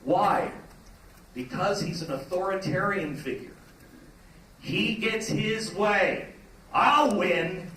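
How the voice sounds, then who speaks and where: A man's voice: sits high, animated, slow, long pauses, a bit bright, a little hiss or hum. A middle-aged man giving an impassioned, preacherly rally speech, recorded from the audience in an event hall. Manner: impassioned, preacherly, rising to emphatic peaks. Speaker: political speaker at a campaign rally. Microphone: recorded from the audience, away from the stage. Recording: echoey hall recorded from far off.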